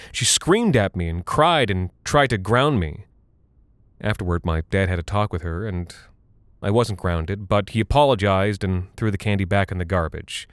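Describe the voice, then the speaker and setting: A man giving a measured, somber first-person scripted horror narration. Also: on the low side, no echo. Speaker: narrator and voice actor.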